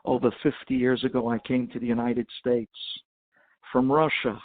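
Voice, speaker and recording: A man's voice: medium pitch, level tone, moderate pace, no echo, phone-quality sound. A man, a rabbi, telling a story in an impassioned sermon and mixing in Hebrew and Yiddish terms, heard over a phone conference line.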